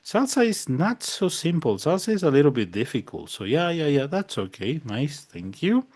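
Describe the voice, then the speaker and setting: Man teaching English slowly. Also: fairly high pitch, big pitch swings, a little mellow. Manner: slow drilled example sentences, repeats in Spanish. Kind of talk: online bilingual lesson.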